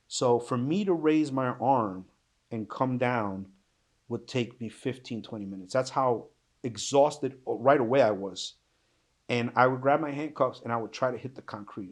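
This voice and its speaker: A middle-aged man, a retired police officer, recounting an ordeal in an interview with vivid, emphatic, plain-spoken storytelling. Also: medium pitch. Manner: vivid, emphatic retelling that acts out quoted speech; plain-spoken, blunt, swears. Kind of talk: emotional first-person storytelling in an interview.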